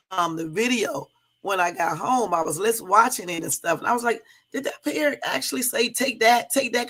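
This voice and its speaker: A woman from Southern California chats on her own livestream, loose and talkative. She speaks straight to her viewers in a relaxed, easygoing flow and laughs often. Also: mid-range voice, breathy edge. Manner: chatty, laughing, addresses viewers as y'all. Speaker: livestream host. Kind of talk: casual livestream chat.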